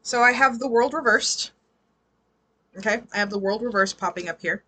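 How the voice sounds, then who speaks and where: Woman, tarot reader, casual chat, sharp bright tone, swears, laughs a lot. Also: fairly high pitch, normal speed, breathy edge. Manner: chatty, swears freely, laughs often. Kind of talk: casual live tarot reading.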